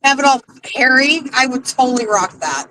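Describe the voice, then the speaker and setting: A woman's voice: high-pitched, lively intonation, brisk, crowd noise, rough recording. A woman joining a livestream as a guest, chatting in an affectionate, playful way. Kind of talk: casual livestream chat.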